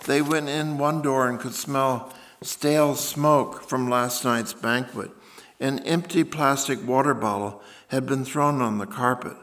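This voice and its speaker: A man, an author, reading literary fiction aloud at a museum event in a measured, deliberate way. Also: mid-range voice, a bit bright.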